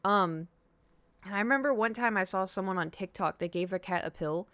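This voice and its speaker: A woman's voice: medium pitch, brisk, fairly bright tone, clear, resonant tone, dry recording. A young woman streaming, telling a long story in casual chat, acting out what people said and swearing now and then. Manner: rambling storytelling, acts out quoted dialogue, swears.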